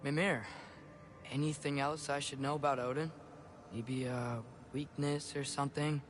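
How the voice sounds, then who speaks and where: A man's voice: medium pitch, fairly even intonation, unhurried, background noise, natural voice. An actor playing an earnest, slightly awkward teenage boy on a quest, in video game dialogue. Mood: determined. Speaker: player character. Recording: game audio over music.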